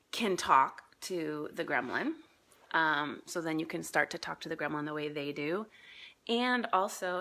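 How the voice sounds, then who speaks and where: A woman's voice: low voice, creaky, pushed and bright. A woman coach talking casually on a live group call, chatty, laughing often, with many fillers. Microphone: phone.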